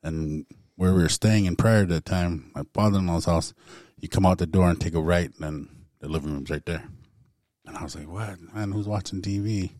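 A man's voice: deep voice, fairly even intonation, a little fast, a little mellow, no echo, studio quality. A man casually telling a personal story to a group, laid back and full of "man" and "like". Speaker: guest storyteller.

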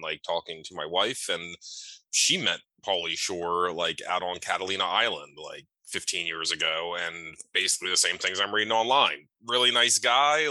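Deep-voiced, rambling man. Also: pushed and bright, no echo, low-quality recording. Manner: rambling, filler-heavy, swears casually. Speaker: podcast co-host. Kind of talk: casual chat.

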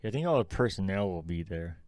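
A man's voice: low-pitched, lively intonation, fast talker, darkish tone, no room sound. A young man co-hosting a sports podcast, teasing his friend and moving the chat along. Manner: teasing, steers the conversation. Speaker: podcast co-host. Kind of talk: casual chat.

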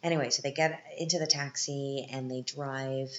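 A woman's voice: very deep voice, steady tone, normal speed, a little hiss or hum. A woman hosting a podcast, recapping a film in a casual, chatty way with joking asides. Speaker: podcast host. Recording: roomy, dull lo-fi sound.

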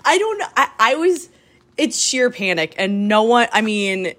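A woman co-hosting a podcast, chatting casually about a movie, lively and quick to laugh as she acts out scenes. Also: a little high. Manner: animated, laughs often, acts out quoted lines. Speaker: podcast co-host. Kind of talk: casual chat recapping a movie.

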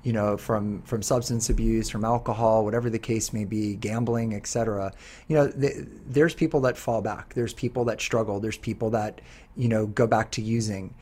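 A middle-aged man in casual podcast chat, earnest and a little rambling. He restarts his sentences often, and his voice carries a husky, breathy texture. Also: on the low side, fairly even intonation, moderate pace, darkish tone. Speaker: podcast host.

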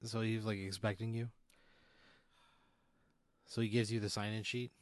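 A man's voice: on the low side, flat delivery, normal speed. A man running an improvised role-play game as game master, narrating in a rambling way with many fillers.

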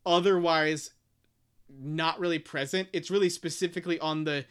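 A man's voice: a little high, steady tone, moderate pace, fairly bright tone, clear, resonant tone. A man in casual conversation about a book, talking hesitantly with many restarts and reading short passages aloud. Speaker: podcast co-host discussing a book. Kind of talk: casual chat.

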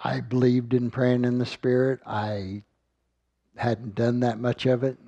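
A man's voice: mid-range voice, little pitch movement, a little slow, vocal fry, dark tone, no echo, dull audio. A man giving an earnest sermon, reading scripture aloud and often repeating words as he finds his thought. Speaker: Bible teacher.

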